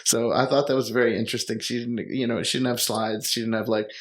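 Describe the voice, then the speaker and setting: A young Canadian man telling travel stories in relaxed, rambling conversation, full of fillers. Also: mid-range voice, fast talker. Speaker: guest. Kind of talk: casual storytelling conversation.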